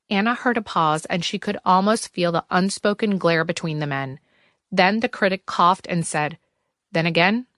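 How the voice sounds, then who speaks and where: A woman narrating a thriller audiobook in a measured, tense manner, close to a studio mic. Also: on the low side, a bit bright, dry recording.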